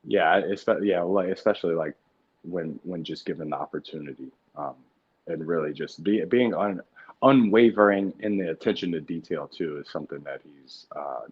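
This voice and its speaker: A young man, a pro football quarterback, talking casually as an interview guest, energetic and profane, with lots of fillers and restarts. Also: low-pitched, moderate pace, breathy edge, lo-fi sound. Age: young adult.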